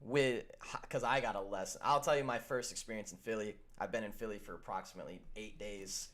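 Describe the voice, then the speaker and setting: A man from Minnesota co-hosting a sports show, chatting casually and telling animated stories. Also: lowish voice, fairly quick. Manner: animated storytelling, acts out quoted voices. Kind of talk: casual chat.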